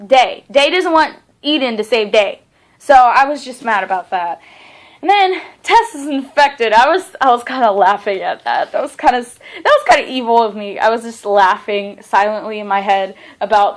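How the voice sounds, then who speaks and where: High-pitched young girl rambling excitedly about a book, lots of likes and um, casual vlog. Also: normal speed. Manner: gushing, excitable, lots of fillers and restarts. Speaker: book reviewer.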